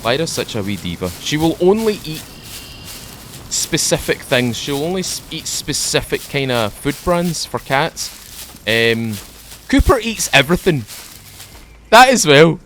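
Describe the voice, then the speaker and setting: A man at home talking into a desk microphone, giving a relaxed, rambling commentary while playing a game. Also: fairly high pitch, unhurried, a little hiss or hum. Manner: rambling, chatty, drifts off topic; mellow, laid-back morning mood. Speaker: gaming channel host. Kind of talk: casual let's-play commentary.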